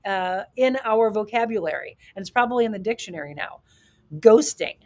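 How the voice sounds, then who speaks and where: A middle-aged woman hosts a live talk, speaking with animated, emphatic energy. She often poses rhetorical questions to her viewers and reads their comments aloud. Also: fairly high pitch, normal speed. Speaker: show host.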